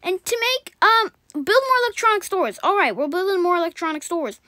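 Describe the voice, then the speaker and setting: A woman giving rapid, rambling, excitable commentary while playing a video game. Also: very high voice, no room sound, clean studio sound. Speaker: gaming channel host. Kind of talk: gameplay commentary.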